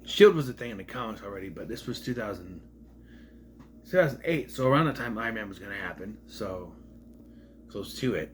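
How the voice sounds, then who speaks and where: A man's voice: fairly low pitch, animated, a little fast, slight background noise. A man talking through an episode in a loose, rambling, casual retrospective. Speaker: show reviewer.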